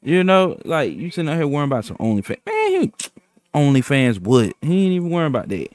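A man's voice: on the high side, fast talker, dry recording. A man giving casual, slangy reaction commentary as host of a reaction channel. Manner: excitable, slangy.

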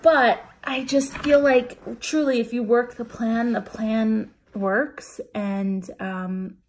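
A woman's voice: a little high, fairly even intonation, takes it slowly, a little hiss or hum. Chatty woman telling an emotional story. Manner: chatty and emotional, many fillers and restarts. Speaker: vlogger sharing a weight-loss weigh-in. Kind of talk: casual storytelling to camera.

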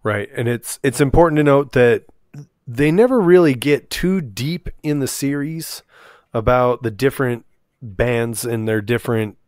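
Jokey podcast co-host with a dry sound. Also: male voice, medium pitch, unhurried, a little mellow, no echo. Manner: jokey, speculative. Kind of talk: casual chat.

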